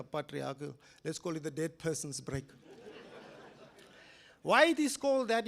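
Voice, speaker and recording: An older man with a South African accent giving a public lecture, telling a case as a story, swinging between loud emphatic rises and quiet low asides. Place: lecture hall.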